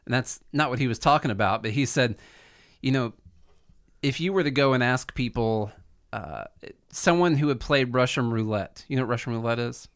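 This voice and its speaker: A man's voice: medium pitch, moderate pace, a bit bright. A man co-hosting a podcast, explaining his points in casual talk with many fillers. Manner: explanatory, filler-heavy, speeds up telling stories. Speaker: podcast co-host. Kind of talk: casual political podcast chat.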